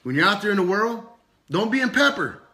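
Preacher guy, keeps asking do you not understand, bright higher voice, echoey room. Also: very animated, fairly quick. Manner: repetitive rhetorical questions, casual slang. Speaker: preacher and teacher. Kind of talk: informal sermon with a puppet.

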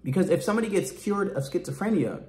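A man's voice: high voice, animated, fast talker, darkish tone. A man giving an informal, emphatic preaching talk about faith in colloquial language. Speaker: ministry speaker.

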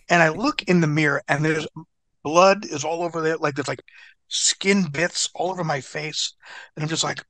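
A man telling a story in an animated, profane way, with a bright, forceful voice set a little high. The sound is dry and close, with no room around it. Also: normal speed, no room sound. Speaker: interview guest. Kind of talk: storytelling in an interview.

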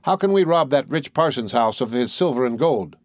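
Sly, jumpy thieves plotting in hushed tones, as a male narrator puts them on, only a little lifted from his normal voice. The sound is close and dry, with no room around it. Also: medium pitch, expressive, brisk, no echo, natural voice. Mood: furtive. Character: two scheming adult male thieves.

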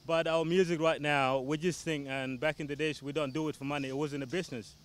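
Earnest man musician, slightly high voice. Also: steady tone, a little fast. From South Sudan. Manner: loose and earnest, leans on "you know". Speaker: musician guest. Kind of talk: casual interview answers. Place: television studio.

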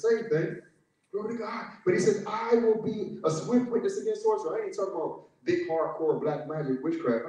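A man preaching in a high, mellow voice, punctuating every point with "glory to God" and slipping into playful mocking voices. The sound is echoey, as if caught from well back in a church sanctuary. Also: distant mic. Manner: emphatic preaching with frequent "glory to God" interjections; acts out conversations in mocking voices. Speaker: pastor. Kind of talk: sermon.

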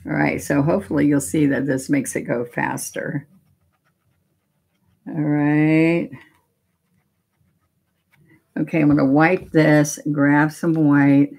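Slow, low-voiced woman teaching painting. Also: little pitch movement, gravelly, dark tone. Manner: chatty step-by-step explaining. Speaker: painting instructor. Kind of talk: live painting demonstration.

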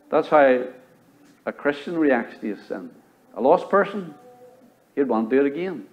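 A man with a Southern US accent preaching a sermon as pastor, rising to loud high exhortation and dropping to low, quiet emphasis. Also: animated, moderate pace, pauses often, dull audio. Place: church sanctuary.

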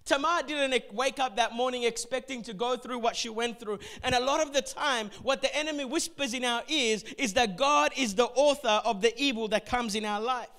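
A man preaches with a notably high voice for a man, telling stories from the pulpit. He drops to a hush, then presses his points hard and repeats phrases for weight. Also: moderate pace, hardly any pauses. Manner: storytelling preacher, swinging between hushed and forceful emphasis; repeats words and restarts phrases for emphasis. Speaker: pastor. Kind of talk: sermon.

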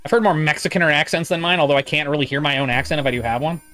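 A man's voice: on the high side, steady tone, racing, bright, forceful tone, soft background music. A man live-streaming a game, chatting casually, reading chat aloud and swearing often. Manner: profane, rambling, reads chat aloud.

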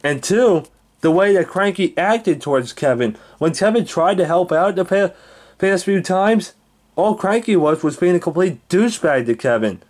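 A man's voice: sits high, expressive, moderate pace, darkish tone. A man giving a heated, swearing rant as a video reviewer, often restarting his sentences. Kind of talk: angry ranting review.

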